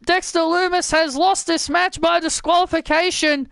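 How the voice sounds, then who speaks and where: A man giving excited play-by-play commentary over a wrestling video game, often shouting his calls. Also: extremely high pitch, normal speed, vocal fry, dry recording. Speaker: gaming commentator. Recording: loud game crowd and noise behind. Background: wrestling game crowd noise.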